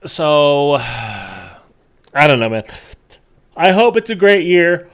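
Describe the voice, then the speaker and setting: A man's voice: a little high, big pitch swings, takes it slowly, long pauses. A man talking casually to his viewers about a game as a YouTuber, rambling with lots of fillers and the odd swear, tired from little sleep. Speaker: gaming YouTuber.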